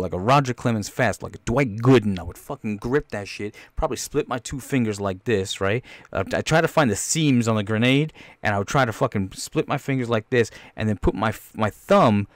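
A man hosting a podcast, reacting to a film trailer with crude, animated commentary and frequent laughter. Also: fairly low pitch, dry recording. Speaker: podcast host.

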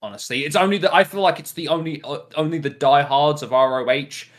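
A man's voice: a little high, a little fast. An English man with an English accent, co-hosting a casual wrestling podcast and laughing often. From England. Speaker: podcast co-host. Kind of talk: casual chat.

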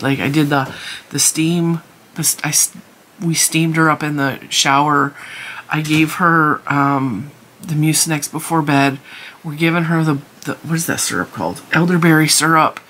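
Exhausted and near tears, a middle-aged crochet channel host rambles to camera from home, restarting again and again and sounding worn out. Her voice is low yet a bit bright, with slight background noise.

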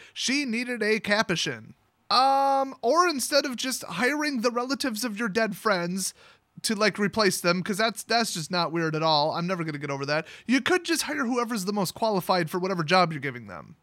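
A man's voice: high-pitched, pushed and bright, no room sound, studio quality. A man sarcastically retelling a fantasy story, with rambling, mocking asides. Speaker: channel host.

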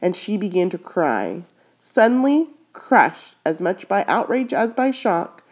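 A woman's voice: mid-range voice, sing-song, measured pace, darkish tone. A woman reading a children's novel aloud chapter by chapter, stopping to comment on the story and correcting her own slips as she goes. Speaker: reader.

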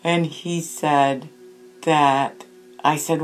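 A woman spirit medium, speaking slowly and thoughtfully as she records a meditation session. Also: low-pitched, animated, vocal fry. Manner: slow, hushed, thoughtful.

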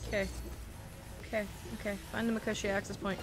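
A woman's voice: medium pitch, little pitch movement, quick pace, over music. A woman streaming a video game live, frustrated and swearing, repeating herself as she talks to her chat.

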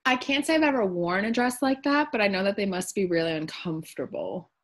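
A woman's voice: mid-range voice, lively intonation, a little fast. A female student answering a teacher's questions in an online class, briefly and tentatively, often starting with um. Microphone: video call.

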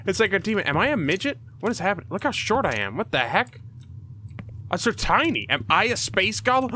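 A man giving excitable commentary on a horror game, yelping and shouting at scares. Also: medium pitch, slight background noise. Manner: jumpy, yelps and shouts at scares. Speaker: let's play host.

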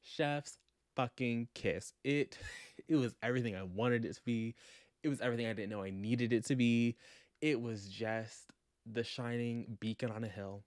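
A man recapping a book for his vlog in a casual, animated, sassy way, acting out quotes as he goes. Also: medium pitch, moderate pace, no echo, studio quality. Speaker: book vlogger.

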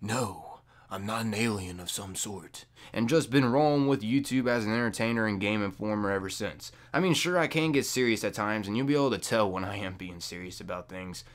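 A young man making a casual gaming vlog into a microphone, loose and jokey, with loud high-pitched bursts when he mocks people. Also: lively intonation, brisk, few pauses. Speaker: gaming YouTuber. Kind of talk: casual talking-to-camera vlog. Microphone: desk microphone.

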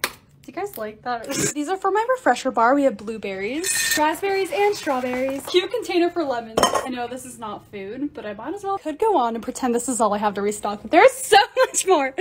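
A woman narrating her short DIY and restock videos in a bubbly, excitable, self-mocking way. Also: high voice, slight background noise. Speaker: lifestyle creator.

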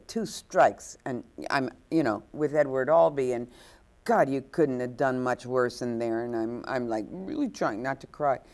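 A woman's voice: extremely low pitch, darkish tone. A woman guest actress telling stories in a hesitant way, full of fillers and restarts, acting out the quotes. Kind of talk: anecdotal storytelling. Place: inn overlooking the ocean.

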